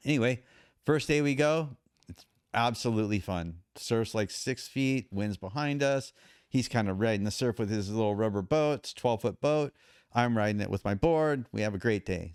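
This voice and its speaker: A man's voice: lowish voice, darkish tone, clear, resonant tone, no room sound, clean studio sound. A man guesting on a podcast, telling a story casually and acting out the quoted dialogue.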